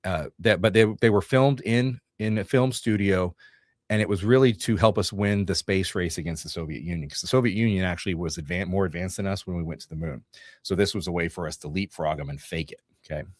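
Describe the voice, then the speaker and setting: Low-voiced man chatting casually on a stream. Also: a little fast, dry recording, studio quality. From Northeast Georgia, US. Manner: rambling, joking, reads viewer comments. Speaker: livestream co-host. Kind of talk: casual chat reading notes.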